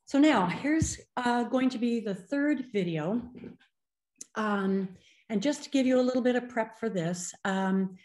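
A middle-aged woman giving a conference presentation, explaining in a measured way with frequent ums. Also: mid-range voice, darkish tone. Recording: roomy echo.

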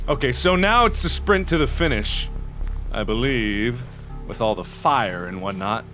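Excitable young man yelling over a horror game. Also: medium pitch, a little slow, soft background music. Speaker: gaming video host.

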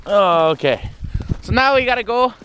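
A man vlogging casually outdoors on a farm, rambling and cursing with an on-and-off put-on accent, and coaxing animals in a high voice. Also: animated, moderate pace, fairly bright tone, a little hiss or hum. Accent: vague put-on accent that comes and goes. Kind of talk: casual vlog while doing farm chores.

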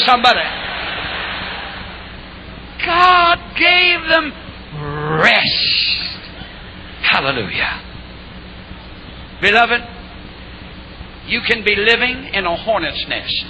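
An older man preaching a revival sermon, shouting and calling on the crowd to answer back. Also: very high-pitched, animated, takes it slowly, long pauses, slight background noise, rough recording. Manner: shouting, call-and-response exhortation.

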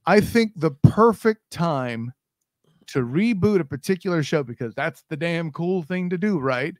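A man with a high-pitched voice rants with opinionated energy, hosting a casual podcast. The sound is close and dry. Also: no room sound. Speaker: podcast host.

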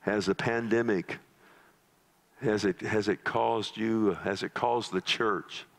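A man preaches a sermon at a deliberate, unhurried pace. His voice sits low, and he lets it fall to a near-hush for emphasis. He talks straight to his listeners and calls them "loved one.". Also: fairly even intonation, vocal fry. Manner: dramatic, drops to low hushed tones for emphasis. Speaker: pastor.

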